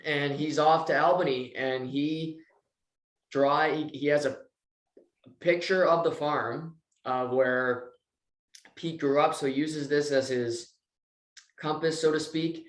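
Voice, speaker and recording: A man's voice: a little high, slow, long pauses. A man casually recapping a TV episode as co-host, acting out the characters' lines as he tells it. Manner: animated retelling, acts out quotes. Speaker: podcast co-host. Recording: roomy echo.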